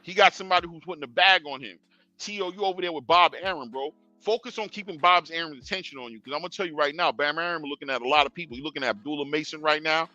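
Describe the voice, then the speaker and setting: A man's voice: on the high side, fast, pushed and bright, dry recording, muffled recording, faint music behind. A young man hosting a boxing talk stream in casual street slang, lecturing fighters directly and chuckling. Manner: slangy, talks straight to fighters, chuckling asides. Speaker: boxing show host.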